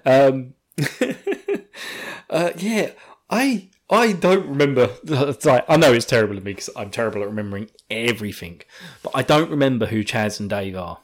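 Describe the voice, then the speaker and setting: A man's voice: medium pitch, animated, normal speed. A man chatting casually as a podcast host, joking and laughing often, recorded too close to his mic. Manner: jokey, laughs often, puts on silly voices. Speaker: podcast host recapping an anime episode. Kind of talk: casual chat.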